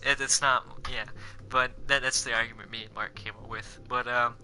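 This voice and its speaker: A young man hosting a casual podcast chat, rambling and profane, with frequent animated bursts. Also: mid-range voice, normal speed, slight background noise. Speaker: podcast host.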